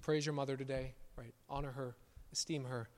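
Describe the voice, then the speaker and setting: A pastor preaching a sermon, emphatic on his declarations and softer on quiet asides. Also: mid-range voice, steady tone, a little fast. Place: church sanctuary. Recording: long church reverb.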